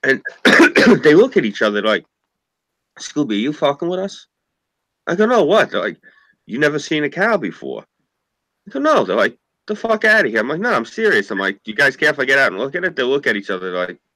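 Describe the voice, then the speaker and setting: A man spins loose, profane stories in a relaxed chat, jumping into the voices of the people in them. His tone is bright and his pitch swings widely. The sound is dry and close. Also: a little fast, no echo, poor audio. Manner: rambling anecdotes with profanity and acted-out quotes. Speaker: podcast co-host. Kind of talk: casual storytelling chat.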